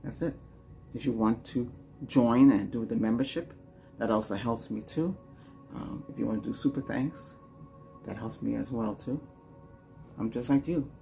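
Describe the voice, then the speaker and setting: Slow-chanting man with music behind. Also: mid-range voice, gravelly. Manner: slow, soft repetitive chanting that turns to loose, rambling talk. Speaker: Reiki healer and channel host. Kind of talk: ASMR Reiki healing session with chat.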